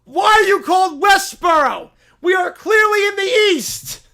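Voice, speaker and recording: A man's voice: very high-pitched, expressive, a little slow, gravelly, bright, forceful tone, raised voice, voice pushed up, exaggerated voice. A man voicing a self-righteous male preacher of a silly pizza religion who shrieks and rants in constant indignation. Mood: ranting outrage.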